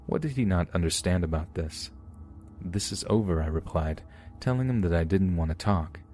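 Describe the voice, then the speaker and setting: A man narrating true scary stories in a measured, steady way. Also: low voice. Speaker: podcast narrator. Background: faint music.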